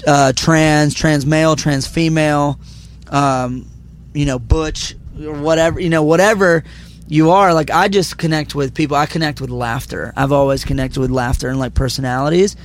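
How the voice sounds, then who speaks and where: A young man, a musician guest, chatting quietly with a slightly raspy voice just after coming off stage, many fillers, mic held close to his mouth. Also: a little high, steady tone, normal speed, slight background noise. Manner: speaking quietly, filler-heavy. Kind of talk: casual interview chat. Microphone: handheld mic held close.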